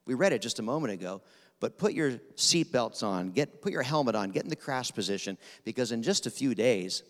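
Rapid-fire preacher in a reverberant hall. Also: male voice, mid-range voice, expressive. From Pennsylvania. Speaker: guest preacher. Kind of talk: sermon. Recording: long reverb of a large hall.

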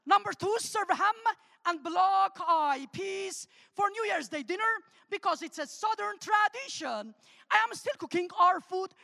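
A woman's voice: very high-pitched, gravelly. A woman from Armenia, a guest speaker giving a humorous sermon and testimony, calling out to the congregation. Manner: humorous, animated, calls out to the congregation. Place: church. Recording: long church hall reverb.

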